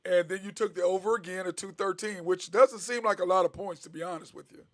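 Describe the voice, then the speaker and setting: A middle-aged man, a former basketball player, co-hosting a casual sports chat, telling stories animatedly and mimicking other people. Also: quick pace. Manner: animated storyteller, mimics others with big pitch jumps.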